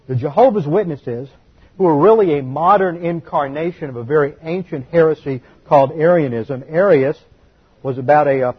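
A man leads a Bible study lecture in a slightly raised, breathy voice. He explains step by step and leans hard on the words he wants remembered. The recording sounds dull and lo-fi. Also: fairly high pitch. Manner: explanatory, emphatic, slows to stress key words. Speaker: Bible teacher.

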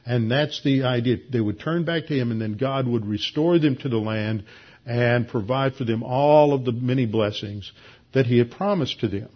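A man giving a Bible class lecture, explaining at a measured pace with frequent filler pauses. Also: mid-range voice, highs cut off. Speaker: Bible teacher.

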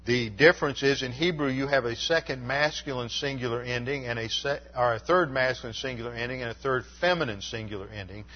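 A male pastor delivers a sermon at a middle pitch, reading scripture and explaining it in a steady, measured teaching manner. The recording sounds dull and lo-fi.

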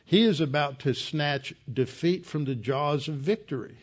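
A man's voice: on the high side, animated, measured pace. Earnest man preaching a Bible sermon. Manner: emphatic, earnest teaching.

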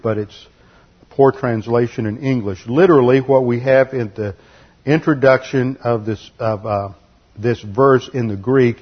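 A man teaching an expository Bible study in a deliberate, lecturing way, spelling out Greek words letter by letter. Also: mid-range voice, husky. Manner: lecturing, corrects translations. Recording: slightly muffled lo-fi recording.

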